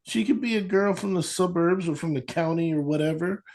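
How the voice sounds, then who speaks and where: A man joining a podcast as a guest, talking in measured casual chat and repeating his points. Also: sits high, darkish tone.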